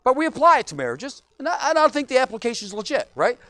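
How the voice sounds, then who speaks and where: A man's voice: very high voice, sing-song, fast, a bit bright, dry recording. A middle-aged man, a pastor, preaching a sermon in a church, joking often and asking "right?" again and again.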